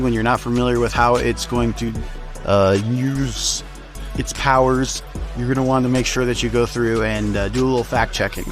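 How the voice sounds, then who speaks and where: A man hosting a casual tutorial, explaining steps in a relaxed, plain-spoken way with frequent "uh" fillers. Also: medium pitch. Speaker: tutorial host. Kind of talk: casual screen-recorded tutorial.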